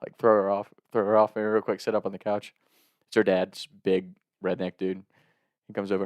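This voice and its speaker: Dude telling a funny story, kinda low voice, laughs a lot, swears, dry sound. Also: male voice, brisk, no echo. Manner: laughs often, animated, swearing, filler-heavy. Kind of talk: casual comedic storytelling.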